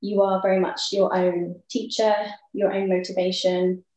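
A woman's voice: medium pitch, flat delivery, moderate pace. Young lady chatting about dance, lots of ums, echoey room. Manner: thoughtful, with many ums and soft laughs. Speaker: guest, ballet dancer. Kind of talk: casual interview chat.

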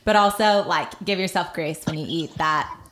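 A woman's voice: lowish voice, moderate pace. Encouraging woman co-hosting a podcast. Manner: warm, encouraging, affirming. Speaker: podcast co-host. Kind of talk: casual interview chat.

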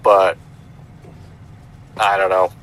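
A man's voice: low-pitched, flat delivery, very slow, fairly bright tone, low-quality recording. A man co-hosting a casual podcast, talking hesitantly and trailing off. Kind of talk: casual chat. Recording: faint background noise.

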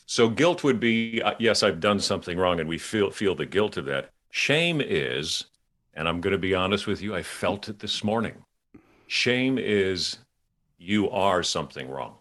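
Earnest low-voiced man in casual chat. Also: lively intonation, normal speed, a bit bright. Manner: earnest, rambling, restarts often, laughs easily. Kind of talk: casual faith conversation.

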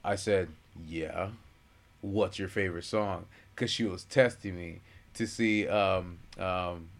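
A man's voice: sits low, slow. A man in his thirties co-hosting a podcast in casual chat, telling stories animatedly and acting out what people said. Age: 30s. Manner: animated storyteller, acts out quotes. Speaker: podcast co-host.

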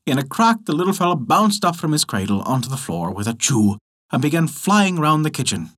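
Expressive male folk tale storyteller. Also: a little high, brisk.

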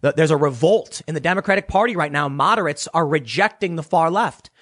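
A man's voice: a little high, a little fast, a bit bright. A man giving opinionated political commentary, emphatic and sarcastic, often restarting his words.

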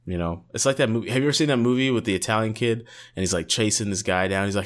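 A man's voice: lowish voice, very fast. A man co-hosting a podcast, rambling and joking in a casual chat with lots of fillers, sounding tired. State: tired, yawning. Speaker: podcast co-host.

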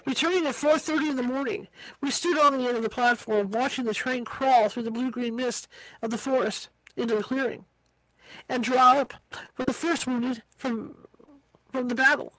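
A woman's voice: high voice, fairly even intonation, moderate pace, fairly bright tone, no echo, low-quality recording. A woman reading a book aloud as an amateur reader, tripping over hard words and slipping in casual asides. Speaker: audiobook reader.

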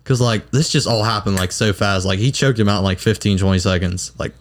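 Young man, low voice, podcast guest, filler-heavy, laughing storytelling. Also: brisk. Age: young adult. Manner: animated storytelling, laughing, lots of "like". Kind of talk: casual chat.

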